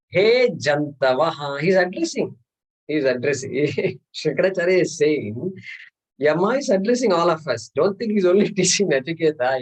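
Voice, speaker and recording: Male scripture teacher, slightly raised pitch, patient class lecture, repeats key terms. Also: darkish tone, rough recording. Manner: explains patiently, repeats terms, chuckles often.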